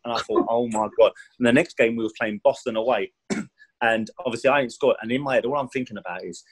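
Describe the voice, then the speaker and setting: Against a noisy background, a man with a mid-range voice speaks at a quick pace as a podcast guest. He's a former professional footballer rambling chattily through career stories, fond of "do you know what I mean" and given to acting out quoted speech with a raised voice.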